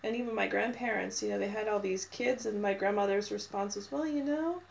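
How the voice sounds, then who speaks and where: Gravelly woman in a lo-fi recording. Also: medium pitch, steady tone, fairly quick. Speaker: podcast co-host. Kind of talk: casual chat. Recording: dull lo-fi with faint noise.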